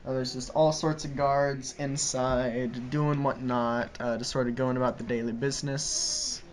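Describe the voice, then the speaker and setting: A man's voice: mid-range voice, little pitch movement, unhurried, slight background noise. A young man narrating as game master of a tabletop game, rambling with lots of ums and hedging words. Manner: rambling, full of ums and sorta.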